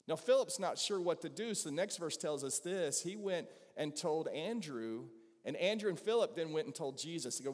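A Southern man preaching to his church in an easy, conversational way, often turning questions out to the people in the pews. His voice sits a little high for a man. It rings out with the long reverb of a large sanctuary. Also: expressive, moderate pace, hardly any pauses. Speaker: pastor. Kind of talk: sermon.

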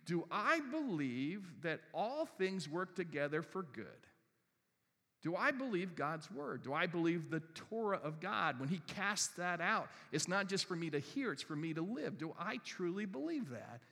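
Man, sermon, high-pitched, bright and forceful, acts out his thoughts, church hall echo. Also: moderate pace, gravelly. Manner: animated storytelling, acts out his own inner voice. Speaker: pastor. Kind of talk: sermon with personal story.

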